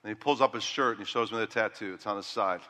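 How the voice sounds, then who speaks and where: A middle-aged man preaching a sermon with animated delivery, rising loud and dropping to a hush. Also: on the low side, fast, big-room sound. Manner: animated preaching that rises loud and drops to hushed. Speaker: pastor.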